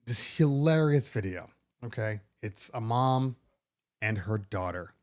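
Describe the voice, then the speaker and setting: A middle-aged man hosting a DJ podcast, talking casually in an animated, sarcastic way with many restarts. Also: fairly low pitch, measured pace. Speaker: DJ podcast host. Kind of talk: casual monologue.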